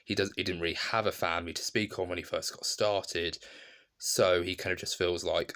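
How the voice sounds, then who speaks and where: A man's voice: low-pitched, fairly even intonation, moderate pace, a bit bright. A man giving a casual, rambling, enthusiastic film review in a vlog. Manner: rambling, enthusiastic, many fillers.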